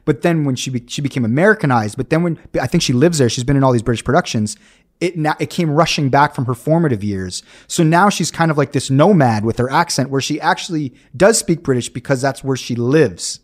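A man co-hosting a casual podcast, with a mid-pitched voice. He jumps into stories with eager enthusiasm and rushes through his asides. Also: expressive. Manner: enthusiastic, quick storytelling. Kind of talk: casual chat.

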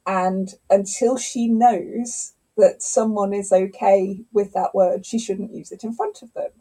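A middle-aged woman, a scientist and author, telling stories in a lively conversational interview. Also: mid-range voice, unhurried, slightly rough, low-quality recording. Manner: animated storyteller, acts out quotes.

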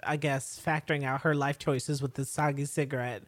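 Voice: medium pitch, little pitch movement, normal speed. A podcast co-host recapping a TV episode in casual chat, speaking hesitantly with many fillers.

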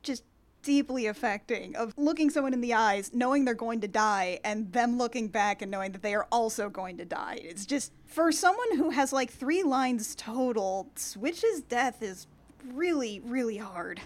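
A woman co-hosting a podcast, chatting about a film in an expressive, giggly way with earnest moments. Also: on the high side, normal speed. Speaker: podcast co-host. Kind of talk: casual film recap chat.

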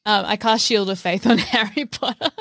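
A woman's voice: mid-range voice, normal speed, fairly bright tone, no room sound, clean studio sound. A woman playing a tabletop game, joking and giggly. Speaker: player. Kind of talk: casual tabletop game play.

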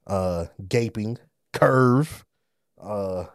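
A man co-hosting a podcast, telling a story in casual chat, animated and profane, often laughing as he goes. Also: on the low side, very slow, no echo, studio quality. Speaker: podcast co-host.

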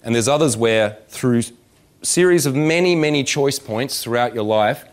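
Man, dating coach, live seminar talk, middle pitch, profane, animated, joking. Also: normal speed. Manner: profane, animated and joking, slips into voices to act out scenes. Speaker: dating coach speaking at a workshop. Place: indoor event room with about 160 people.

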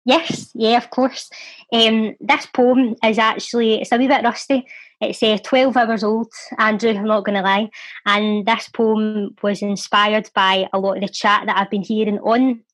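A woman's voice: medium pitch, little pitch movement, a little slow, fairly bright tone, no echo. A Scottish woman reading her own poem with a rhythmic, heartfelt delivery, then chatting casually as an interview guest. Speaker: guest, poet and charity volunteer. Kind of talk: poetry recital and casual interview chat.

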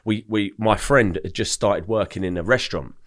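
Young male guest, very low pitch, casual rambling storyteller. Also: normal speed, fairly bright tone. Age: young adult. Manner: chatty, repeats words when starting sentences. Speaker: podcast guest.

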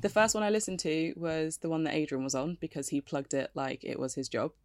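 A woman's voice: sits low, steady tone, a little fast, no echo. A woman co-hosting a podcast, chatting with dry, sarcastic wit. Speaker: podcast co-host. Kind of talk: casual podcast chat.

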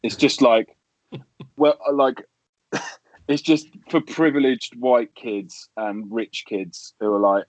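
A man co-hosting a podcast, chatting in a sweary, animated way and laughing as he talks. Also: mid-range voice, slow pace, dry recording, poor audio. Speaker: podcast co-host. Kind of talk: casual chat.

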